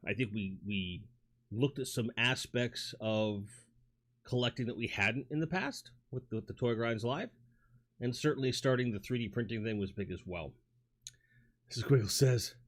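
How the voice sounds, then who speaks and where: A man with a New York accent hosting a casual livestream from home on a studio mic, rambling, reading chat aloud, with lots of fillers and restarts. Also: medium pitch. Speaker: livestream host. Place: home toy room. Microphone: studio microphone.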